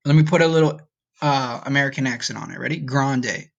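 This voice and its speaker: A man talks through a recorded vocabulary lesson in a patient teacher's way. He breaks each word down, asks students to repeat after him and keeps checking in with "okay?" His pitch sits in an ordinary middle range. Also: fast, creaky, muffled recording. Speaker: Spanish teacher.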